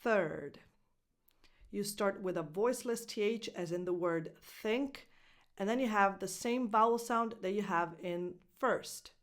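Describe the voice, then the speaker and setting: A woman whose first language is Italian, teaching English pronunciation as a coach and clearly modeling each word. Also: mid-range voice. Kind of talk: pronunciation lesson.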